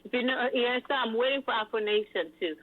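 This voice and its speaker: A woman event host telling stories in an animated, hyped way, full of fillers, in a casual interview. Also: fairly high pitch, fast, over a noisy crowd. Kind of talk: lively interview chat. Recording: tinny phone-like line.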